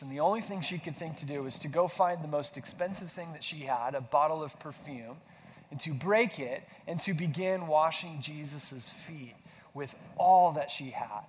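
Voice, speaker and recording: A pastor preaching a sermon, feeling sick, talking casually and asking his congregation questions. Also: on the high side. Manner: conversational, self-deprecating humor, asks the audience questions. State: sick with flu. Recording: long hall reverb, faint noise.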